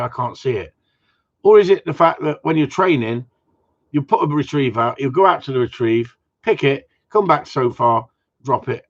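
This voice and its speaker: A man who trains gundogs, answering viewer questions in a blunt, rambling way with casual swearing. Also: medium pitch. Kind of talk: casual Q and A chat. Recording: dull lo-fi sound.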